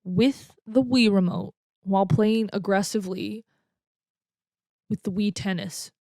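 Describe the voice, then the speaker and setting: A young woman in her twenties tells a story into a desk mic at home, chatty and giggly, with plenty of ums and uhs. Her voice sits at a middling pitch. The sound is dry and close. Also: steady tone, measured pace, mellow, dry recording. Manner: chatty and giggly, with lots of fillers. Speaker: vlogger. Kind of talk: casual storytelling.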